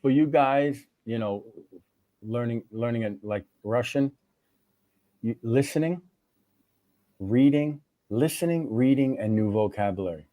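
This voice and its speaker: A man's voice: medium pitch, unhurried, long pauses, dark tone, no echo. A man from New York, a guest and English teacher, chatting casually on a livestream. He acts out little conversations and often restarts his sentences. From New York, USA.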